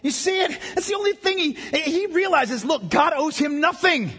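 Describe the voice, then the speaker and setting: Husky pastor guy preaching hard, voice sits way up high, echoing big hall. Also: expressive, moderate pace, fairly bright tone. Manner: impassioned, emphatic preaching. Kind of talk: sermon. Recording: long reverb of a large hall.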